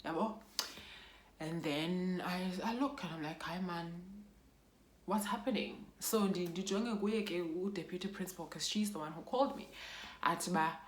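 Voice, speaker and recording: A woman's voice: on the low side, moderate pace, reverberant. A young woman from South Africa with a South African accent tells an emotional personal story for her vlog, slipping Xhosa phrases into her English. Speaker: YouTuber.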